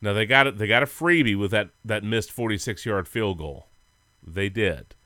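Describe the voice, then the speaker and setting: A man's voice: lowish voice, moderate pace, pushed and bright, no room sound. A man co-hosting a sports podcast, telling rambling, goofy stories in casual chat and laughing often. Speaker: podcast co-host.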